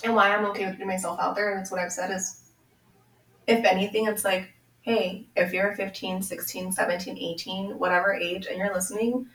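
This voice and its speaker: A woman's voice: medium pitch, level tone, a little fast, fairly bright tone, recorded from a distance. A young woman from Washington State, a podcast guest speaking earnestly and from the heart, with lots of "like" fillers. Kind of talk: candid conversation. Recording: roomy sound, a bit off-mic.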